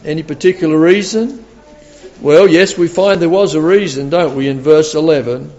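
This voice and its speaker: High-voiced preacher in a reverberant hall. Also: male voice, moderate pace, highs cut off. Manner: animated, repeats words, stumbles into restarts; asks the congregation questions. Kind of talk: sermon. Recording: long reverb of a large hall.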